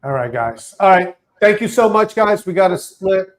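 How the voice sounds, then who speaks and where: High-voiced man hosting a chat show. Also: lively intonation, normal speed. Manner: keeps trying to end the show, exasperated. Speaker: show host. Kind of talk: casual news chat show, wrapping up.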